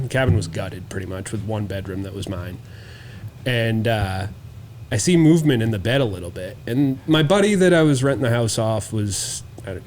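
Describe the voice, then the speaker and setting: A man's voice: mid-range voice, a little mellow, a little hiss or hum. A man co-hosting a podcast, telling a wild story in casual, profane chat and acting out the quotes. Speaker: podcast co-host.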